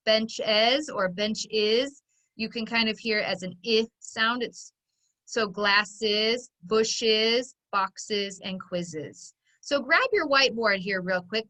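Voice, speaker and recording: A woman teacher giving a phonics lesson to children on video, slowly sounding out letters and syllables. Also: a little high, sharp tone, rough recording.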